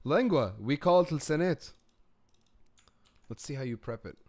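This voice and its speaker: Excitable, chatty male reaction host. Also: fairly high pitch, normal speed, no room sound. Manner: excitable, chatty, laughs easily. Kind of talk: casual live chat reacting to comments. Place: at home.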